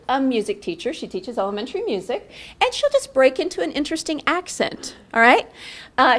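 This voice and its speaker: A woman teacher running a lively workshop, coaxing the audience into playful call-and-response. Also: a little high.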